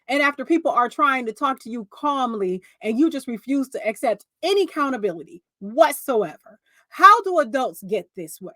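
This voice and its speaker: A young woman giving sassy, casual commentary on a reality show, animated and laughing often. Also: on the high side, no echo.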